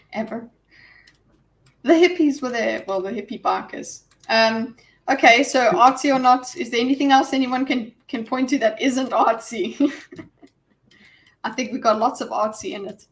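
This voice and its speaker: A woman hosting a casual online film discussion over a video call, animated and acting out quoted lines. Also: fairly high pitch, measured pace, pauses often. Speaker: discussion host.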